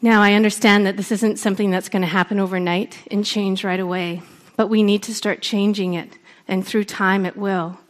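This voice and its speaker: A woman from Canada, a storyteller, giving an earnest public speech with deliberate emphasis. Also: mid-range voice, little pitch movement. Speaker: storyteller and speaker.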